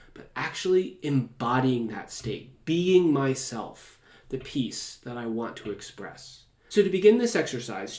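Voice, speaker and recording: A man hosting a calm talk who guides a breathing meditation in a soft, slow, soothing manner. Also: mid-range voice, roomy sound. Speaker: host.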